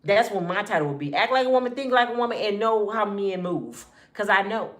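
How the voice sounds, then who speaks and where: A woman telling a personal story in casual slang, often addressing listeners as y'all and acting out what people said, dropping to a hush or rising with feeling. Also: mid-range voice, a little fast. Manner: animated, acts out quotes with hushed and raised voices. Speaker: storyteller speaking to her audience.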